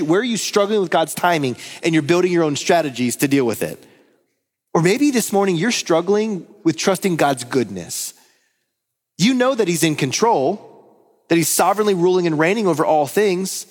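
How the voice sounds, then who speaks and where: A man's voice: fairly high pitch, long reverb tail. A man preaching a sermon, pastor of a church, addressing listeners with repeated questions. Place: church sanctuary.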